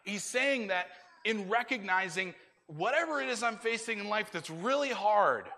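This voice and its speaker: A high-voiced man preaches to children in a lively, playful way, acting out the lines he quotes. His tone is bright and ringing, and the sound echoes through a church hall with a long reverb. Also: moderate pace, gravelly, a little hiss or hum. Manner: animated, acts out quotes for kids. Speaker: children's ministry speaker. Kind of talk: children's sermon.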